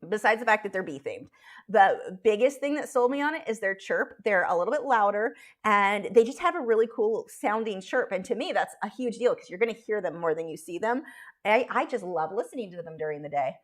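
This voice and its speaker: A woman's voice: mid-range voice, lively intonation, a little fast. A woman artist chatting casually on a live stream while she draws, rambling and self-deprecating.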